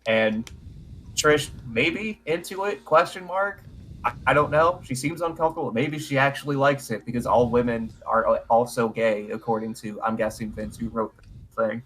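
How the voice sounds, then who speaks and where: A man in a relaxed podcast chat, walking through an old broadcast beat by beat. His voice sits at a middle pitch, and he delivers the recap with a dry, sarcastic edge. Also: moderate pace. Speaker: podcast co-host.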